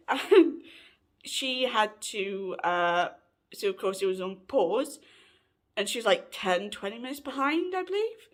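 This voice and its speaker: A woman's voice: mid-range voice, expressive, measured pace. A woman in her late twenties telling a personal story to camera in a chatty, rambling way, often correcting herself, recorded indoors at home. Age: late 20s. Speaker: vlogger.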